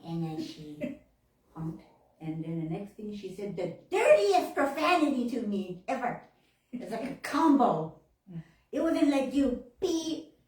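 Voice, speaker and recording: A woman's voice: mid-range voice, big pitch swings, a little slow, darkish tone. A woman minister telling a story in a sermon, with a lilt, laughing often and acting out her own reactions. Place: temple hall. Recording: echoey room, mic at a distance.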